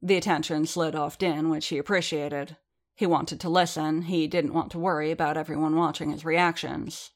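A woman narrating an action story aloud in an even, measured audiobook reading. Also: low-pitched.

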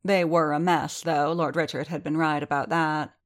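A woman narrating a novel, with a low, grounded voice. Her reading is measured and steady, a calm scripted storytelling pace. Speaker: audiobook narrator.

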